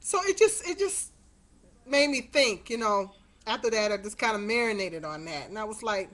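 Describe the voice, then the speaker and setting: A woman's voice: medium pitch, expressive, moderate pace, fairly bright tone. A middle-aged woman telling a story to her webcam in a rambling, exasperated way, with many fillers. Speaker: vlogger. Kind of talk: casual webcam monologue. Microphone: webcam mic.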